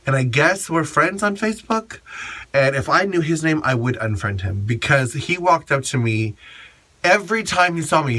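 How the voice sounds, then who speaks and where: A man's voice: medium pitch, bright, forceful tone. A man who performs as a drag queen, giving blunt, sassy advice in a casual vlog monologue and swearing freely.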